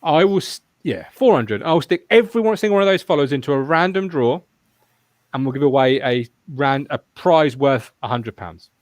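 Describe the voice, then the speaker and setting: A man's voice: mid-range voice, expressive, moderate pace, no room sound. A man hosting a casual football fan podcast, rambling and swearing freely as he chats. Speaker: podcast host.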